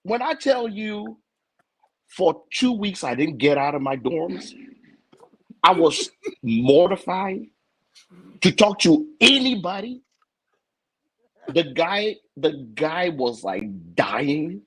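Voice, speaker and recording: Lively husky man. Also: on the high side, takes it slowly, pauses often, rough recording. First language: French. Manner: animated, stammering repeats, acts out other voices. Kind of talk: casual comic storytelling.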